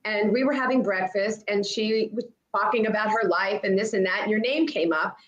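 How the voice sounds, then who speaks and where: A woman guest, a grief counselor and pastor, chatting warmly and telling a story on a podcast. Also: medium pitch, normal speed. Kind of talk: casual conversation on a call. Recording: echoey, dull remote audio.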